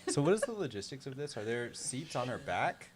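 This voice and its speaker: A man's voice: mid-range voice, sing-song, brisk, noisy background. A man playing in a tabletop game, curious and asking questions. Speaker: player. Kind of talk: casual tabletop play.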